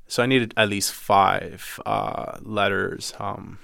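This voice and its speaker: Dominican-accented man, earnest personal storytelling, gravelly, smooth and resonant. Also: fairly low pitch, fairly even intonation, slow pace, bright, forceful tone, no room sound, studio quality. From Dominican Republic. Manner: earnest, intense, emotional storytelling.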